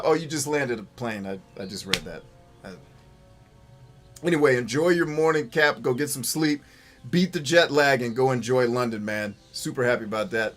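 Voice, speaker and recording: A man's voice: medium pitch, moderate pace, a bit bright, soft background music. Blunt, profane male stream host. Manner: reads chat messages aloud. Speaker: gaming show host. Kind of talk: livestream gameplay commentary and chat.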